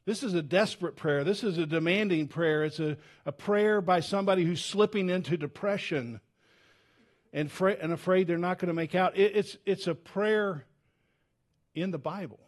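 A male pastor preaching in a church with a fairly high-pitched voice. He talks in an earnest, conversational way, often restarting his sentences. His delivery swings from loud, urgent pleading down to hushed, heavy tones. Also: normal speed. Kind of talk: sermon.

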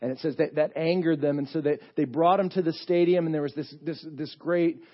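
A male pastor preaches in a relaxed, conversational storytelling manner. His voice is husky and a bit high, and the church recording sounds dull and lo-fi. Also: fairly quick. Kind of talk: sermon.

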